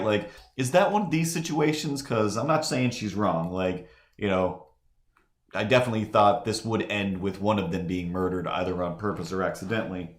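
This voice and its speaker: Man, casual anecdote, lots of "like" and restarts, low voice, roomy echo. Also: moderate pace. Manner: acts out the people in his story. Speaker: streamer telling a story while drawing. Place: home room during a live stream.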